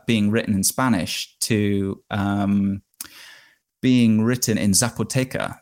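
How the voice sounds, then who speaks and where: An Englishman telling a travel story as a guest in a casual interview, rambling and correcting himself as he goes. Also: fairly low pitch. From England. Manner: rambling, self-correcting anecdote teller.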